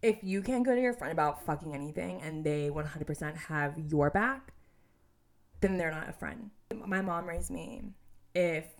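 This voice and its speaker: A woman's voice: on the low side, normal speed. A woman in her twenties hosting a casual podcast chat, blunt and swearing often, with lots of "like". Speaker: podcast host.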